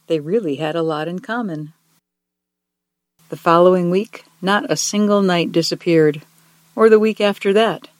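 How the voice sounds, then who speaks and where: A storyteller reading a children's picture book aloud, gently and expressively, slowing down on key words. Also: mid-range voice, dry recording. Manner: gentle, expressive, soft-spoken, slowing for emphasis.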